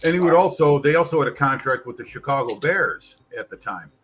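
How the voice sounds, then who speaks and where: A man's voice: medium pitch, lively intonation, fairly quick, a bit bright, poor audio. A man on a live panel chatting casually, rambling with many restarts. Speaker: panel guest. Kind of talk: casual chat.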